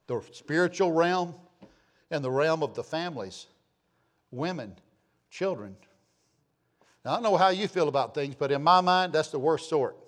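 A fiery preacher in his sixties with a high, ringing voice. He reads scripture slowly and with force, then drops to hushed, low asides and rises again to near shouts. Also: expressive. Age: 60s. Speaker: pastor. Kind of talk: sermon.

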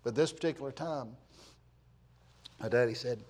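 Folksy pastor telling a story. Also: male voice, medium pitch, moderate pace, long pauses. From Florida, USA. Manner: folksy and emphatic, repeats words for weight, swings from loud to hushed. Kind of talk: storytelling sermon.

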